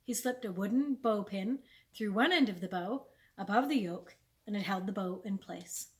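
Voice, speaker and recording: A woman, a children's librarian, reading a chapter book aloud with clear, expressive storytelling. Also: mid-range voice, moderate pace.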